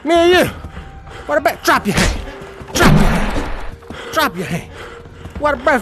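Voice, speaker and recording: A man giving live commentary while playing a VR fighting game. He trash-talks his opponent, lets out loud whoops and makes chatty asides to viewers. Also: extremely high pitch, sing-song, normal speed, pauses often, heavy background noise.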